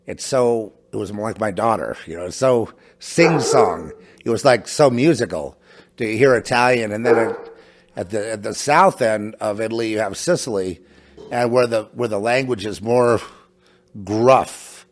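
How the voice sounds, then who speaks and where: Low-voiced man rambling casually. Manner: halting, many restarts and trailing asides. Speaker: podcast host. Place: home in New Mexico.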